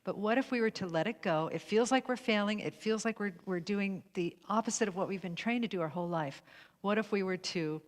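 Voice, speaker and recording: A woman's voice: medium pitch, a little fast. A woman hosts a spiritual livestream, musing aloud and laughing often. She keeps nodding along with her guest, and her voice rings with a long hall reverb. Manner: warm, laughs often, affirms a lot. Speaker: livestream host. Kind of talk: spiritual conversation.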